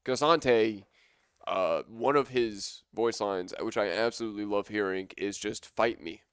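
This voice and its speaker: A man's voice: on the low side, unhurried, smooth, dry recording, clean studio sound. A young man casting a college esports match live, chatting casually and rambling with enthusiasm. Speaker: esports caster.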